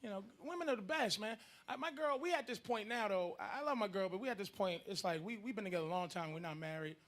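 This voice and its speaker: A man's voice: high-pitched, animated, fast talker, fairly bright tone. A man in his thirties doing crude, rambling stand-up comedy in a noisy live room. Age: 30s.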